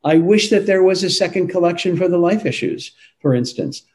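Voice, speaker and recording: A man's voice: sits high, fairly quick, a little mellow, low-quality recording. A man giving long, earnest answers in an interview, emphatic and often restarting his sentences. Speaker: interview guest, Catholic advocacy leader.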